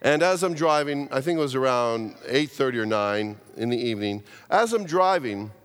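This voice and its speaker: Pastor preaching in an echoing church hall. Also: male voice, mid-range voice, normal speed, clean tone. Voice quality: animated storyteller, repeats words, acts out quoted voices. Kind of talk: sermon. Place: church sanctuary. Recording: long reverb of a church hall.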